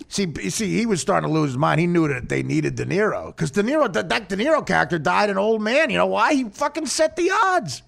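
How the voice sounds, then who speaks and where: Gravelly, animated comedian host. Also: male voice, high-pitched, brisk, hardly any pauses. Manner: profane, rambling storyteller. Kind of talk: casual chat.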